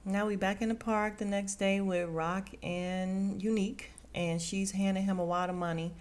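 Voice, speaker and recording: A woman's voice: medium pitch, steady tone, moderate pace, a little mellow. A woman hosting a podcast, casually recapping a TV episode and quoting the characters' lines in a conversational way. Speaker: podcast host reviewing a TV episode.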